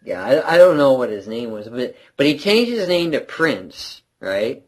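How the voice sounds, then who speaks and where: A man chatting loosely on a homemade podcast, his pitch sitting in the middle of the male range. He rambles, restarts his sentences and breaks into laughter often. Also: sing-song, unhurried, low-quality recording. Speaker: podcast co-host. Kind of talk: casual late-night chat.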